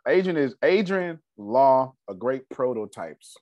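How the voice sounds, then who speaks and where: Lively, laughing male coach. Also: medium pitch, unhurried, no echo, lo-fi sound. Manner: lively, playful, laughs often. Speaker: host of a finance coaching call. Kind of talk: coaching group discussion.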